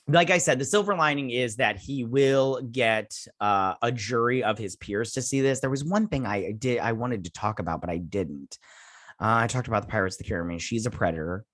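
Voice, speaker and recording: A man's voice: medium pitch, normal speed, a bit bright. A man hosting his own reaction vlog, ranting heatedly with many restarts and fillers. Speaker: YouTube channel host.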